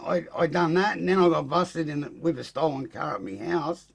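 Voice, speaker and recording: A man with an Australian accent, a podcast guest telling an animated story full of swearing and acted-out quotes. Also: a little high, normal speed, vocal fry. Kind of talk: casual storytelling.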